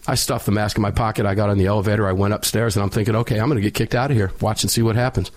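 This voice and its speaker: A middle-aged man hosting a talk radio show, telling a story loudly and emphatically with a sinus infection. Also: fairly low pitch, fairly even intonation, rapid-fire.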